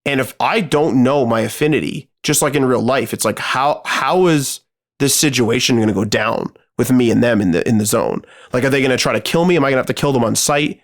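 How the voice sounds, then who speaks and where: A man's voice: mid-range voice, fairly quick. A man co-hosting a podcast, telling a gaming story in casual chat, swearing freely and rambling with lots of fillers. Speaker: podcast co-host.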